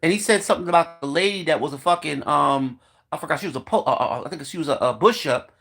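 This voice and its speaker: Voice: mid-range voice, fast, creaky, fairly bright tone, breathy edge, soft background music. Profane, heated ranting vlogger. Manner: heated, swears constantly, acts out quotes.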